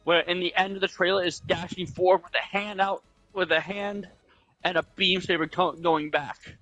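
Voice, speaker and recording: A man's voice: high voice, steady tone, moderate pace, bright, forceful tone, no room sound, lo-fi sound, faint music behind. A young man chatting casually over voice chat while gaming, explaining things at length with lots of fillers. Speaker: gaming channel host.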